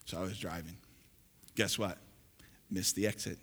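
A male pastor preaching a sermon, calling on the congregation to repeat after him and building to loud exhortation. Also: low-pitched, fairly even intonation, moderate pace, slightly rough. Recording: long hall reverb.

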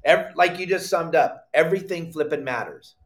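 A middle-aged man hosting a live fishing podcast, telling a story with lively acted-out quotes and bursts of shouting. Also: on the high side, normal speed. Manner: animated storyteller, acts out quotes, shouts when excited. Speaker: podcast host.

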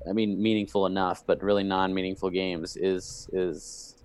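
A man's voice: low voice, level tone, moderate pace, a little mellow. A man co-hosting a podcast, rambling through casual sports chat, restarting and correcting himself as he goes. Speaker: podcast co-host.

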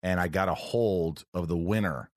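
A man's voice: low voice, moderate pace, darkish tone, no echo, studio quality. A man hosting his own podcast alone, chatting in a rambling, jokey way. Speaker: podcast host. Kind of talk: casual solo podcast chat.

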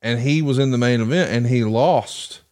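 A man's voice: mid-range voice, moderate pace, a little mellow. A man co-hosting a podcast, telling long, wry stories in casual chat. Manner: long wry storytelling asides. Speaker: podcast co-host.

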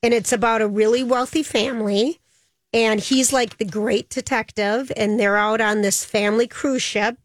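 A woman co-hosting a pop culture podcast, chatting casually about TV with quick reactions and filler words. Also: on the high side, fairly even intonation, dry recording. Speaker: podcast co-host. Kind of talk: casual chat.

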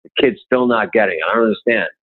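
A man with a fairly low voice tells motivational stories in an interview. He gets animated and acts out the people he quotes. His voice comes through a narrow, tinny, phone-like line. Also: rapid-fire. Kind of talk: motivational storytelling.

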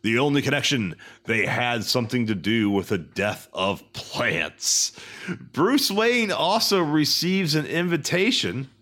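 A man hosting a casual podcast, reading episode summaries aloud in a jokey, animated way. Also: mid-range voice, a little slow. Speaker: podcast host.

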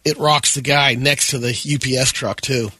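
A man's voice: mid-range voice, fairly even intonation, normal speed. A man co-hosting a morning radio show, matter-of-factly describing video clips in casual studio banter.

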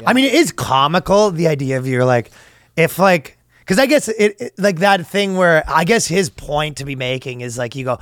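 A man's voice: on the high side, sing-song, moderate pace, a bit bright, no room sound, studio quality. A man co-hosting a casual comedy podcast, rambling with many restarts and frequent laughs. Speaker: podcast co-host.

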